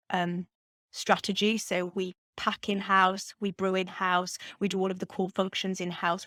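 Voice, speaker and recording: A woman from Newcastle, England, with a Geordie accent, guests on a podcast as a brewery's chief executive, answering questions in a confident, upbeat, businesslike manner. Her mid-range voice has a fairly bright tone, recorded dry and at studio quality.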